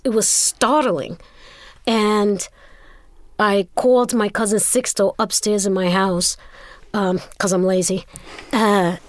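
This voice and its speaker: A woman telling a personal story as an interview guest, animated and stammering into repeats. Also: medium pitch, no room sound. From Brooklyn, New York. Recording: music playing underneath.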